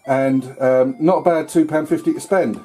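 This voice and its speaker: A man's voice: fairly high pitch, moderate pace, dark tone, soft background music. A man giving casual, rambling commentary while playing an old computer game, with filler words and mild swearing. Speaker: retro gaming YouTuber.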